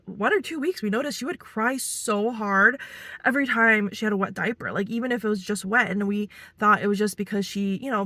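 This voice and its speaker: A woman's voice: mid-range voice, no echo. A young woman, a first-time mom, talking in a casual confessional vlog, chatty and full of "like" and "you know". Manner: chatty, lots of "like" and "you know", animated quoted voices. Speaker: vlogger and new mom.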